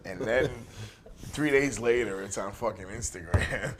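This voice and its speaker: A man's voice: fairly low pitch, unhurried, a crowd in the background. A middle-aged man, a pro wrestler, telling a crude road story as an interview guest, swearing constantly and laughing through it. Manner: profane, laughs through his own stories. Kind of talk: casual storytelling anecdote.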